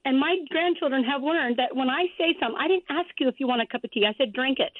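A woman in her fifties phones in to a radio show, rambling and chatty and laughing as she talks. Her voice is high and quick, with no echo, heard over a tinny phone line.

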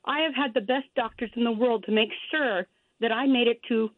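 On a tinny telephone line, a caller in her fifties rambles and laughs her way through a call-in radio chat. Her voice sits on the high side, her pace is fairly quick, and the recording is dry.

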